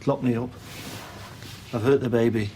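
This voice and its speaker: A man's voice: medium pitch, steady tone, normal speed, dark tone, a little hiss or hum, lightly acted. An actor playing a guilt-ridden, paranoid man, muttering confessions. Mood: haunted.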